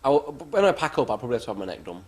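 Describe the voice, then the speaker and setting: A man's voice: medium pitch, big pitch swings, rapid-fire. A man, a wrestler being interviewed, telling backstage stories in a blunt, swearing, self-mocking way. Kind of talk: casual anecdotal storytelling.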